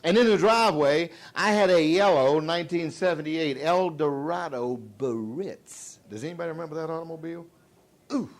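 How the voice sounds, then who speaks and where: A middle-aged man from Virginia, speaking in a fairly high voice as a motivational sales speaker. He swings between loud bursts and hushed asides, cracks jokes, and keeps firing questions at his listeners. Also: moderate pace. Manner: dramatic swings from loud to hushed, joking, audience call-and-response. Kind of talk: live motivational speech.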